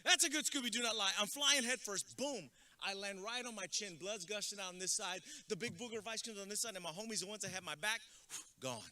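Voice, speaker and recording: Male motivational speaker, bright, piercing tone, energetic comic storyteller. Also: sits high, fairly quick. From Texas. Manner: energetic storytelling, mixes in Spanish words. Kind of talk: comedic commencement speech. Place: outdoor graduation ceremony with stands.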